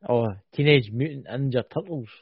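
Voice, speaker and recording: A Scottish man hosts a loose, joking podcast chat, and his voice has a gravelly edge. He stretches words out as he explains them. The sound is dull and lo-fi. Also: mid-range voice, normal speed, dry recording. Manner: banters and teases, drawls words out when explaining. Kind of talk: casual chat.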